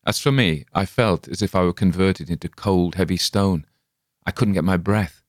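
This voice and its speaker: An audiobook narrator with a deep voice reads gothic fiction from a script at a moderate pace. The studio sound is clean, with no room sound.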